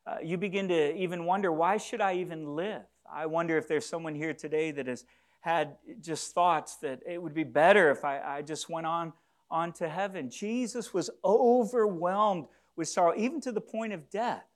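Man, pastor, sermon, high voice, earnest, repeats key words. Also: moderate pace. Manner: earnest, repeats phrases, varies volume for emphasis.

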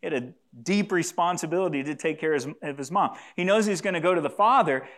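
A man's voice: fairly high pitch, quick pace, a bit bright. A man preaching a sermon to a congregation, earnest and repeating key phrases for emphasis, sometimes asking listeners to say lines back to him. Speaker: pastor.

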